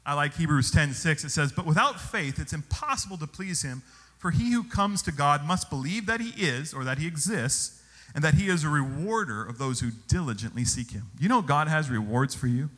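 A male pastor preaching a sermon, telling stories with animated exclamations. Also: on the high side, normal speed. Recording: long hall reverb.

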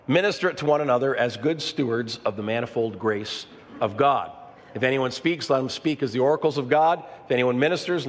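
A man preaching a sermon to his congregation as pastor, breaking off to ask them for an amen and to talk to the person beside them. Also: mid-range voice. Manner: preaching with call-and-response asides to the congregation. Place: church sanctuary. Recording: long church reverb.

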